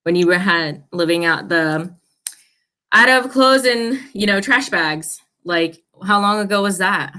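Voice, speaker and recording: A woman hosting a live interview, relaxed and laughing along with her guest. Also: mid-range voice, unhurried. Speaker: host.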